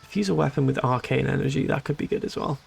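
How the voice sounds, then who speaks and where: A man's voice: medium pitch, quick pace, gravelly, darkish tone, slightly rough. A man giving casual, joking let's-play commentary as a streamer, rambling and amused at his own jokes.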